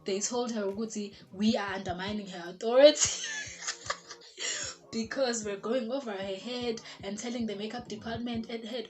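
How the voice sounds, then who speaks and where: A young woman from South Africa with a South African accent, telling a personal story in casual storytime style and slipping Zulu words into her English. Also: a little high. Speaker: vlogger. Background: background music.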